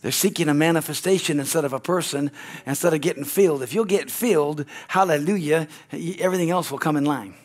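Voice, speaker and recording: A middle-aged American pastor preaching a sermon, with frequent amens and hallelujahs. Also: male voice, a little high, quick pace. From United States. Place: church sanctuary.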